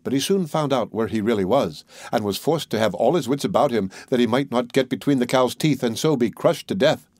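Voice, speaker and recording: A male audiobook narrator with a voice of ordinary middle pitch, telling a fairy tale in a measured, even way. The recording is close and dry, with no room echo. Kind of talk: storybook narration.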